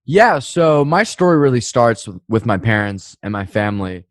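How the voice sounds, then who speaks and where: A man's voice: medium pitch, very animated, normal speed, dry recording. A man in his twenties, a guest on a podcast, telling his story in a friendly, chatty way over a remote line. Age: 20s. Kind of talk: podcast interview. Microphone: remote call.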